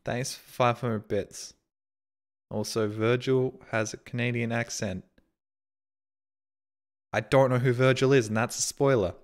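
A man's voice: mid-range voice, steady tone, measured pace, pauses often. Guy streamer reading out donos, sarcastic and self-deprecating, just chatting. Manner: sarcastic, self-mocking banter. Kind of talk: casual chat reading donations.

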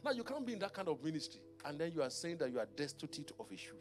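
A man preaching a sermon as pastor, telling a personal story in a lively storytelling manner. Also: on the high side, rapid-fire, over music. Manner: storytelling preacher, rising to shouted prayer in tongues.

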